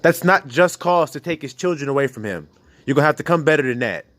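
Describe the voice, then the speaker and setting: A man's voice: fairly high pitch, lively intonation, fast, fairly bright tone, no echo. A man preaching with passion, bluntly and profanely, firing rhetorical questions at his listeners. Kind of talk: preaching to a congregation.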